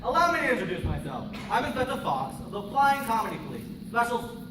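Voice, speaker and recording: A man's voice: extremely high pitch, sing-song, fast. Man doing a blustering police inspector. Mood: pompous. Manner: shouted, pompous announcing. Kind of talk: live stage comedy sketch. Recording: echoey hall from far off, audience noise.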